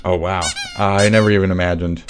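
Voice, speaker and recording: A man's voice: low voice, little pitch movement, fast talker. A man livestreaming, rambling sardonically and mumbling replies to his chat. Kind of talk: rambling live stream chat. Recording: noisy background.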